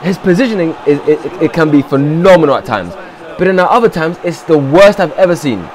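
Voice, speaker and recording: A man talks over his football game, urging his players on and reacting loudly to every chance. His voice sits fairly high and swings widely in pitch. Between matches he slips into a mock press-conference manner, answering as the team's manager. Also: a little fast. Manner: animated, shouts encouragement at players. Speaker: gaming streamer. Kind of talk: excited gameplay commentary.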